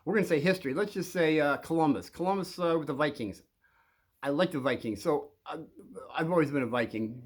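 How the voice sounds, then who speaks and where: A man's voice: a little high, brisk, slightly rough. A man talking to the camera and giving casual advice, rambling with many fillers and restarts. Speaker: advice vlogger.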